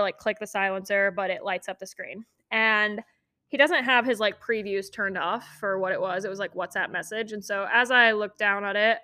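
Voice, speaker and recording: A woman's voice: mid-range voice, sharp tone, dry recording. A young woman hosting a podcast, telling a personal story in a chatty way, full of "like" and laughing as she goes. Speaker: podcast host. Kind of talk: casual storytelling.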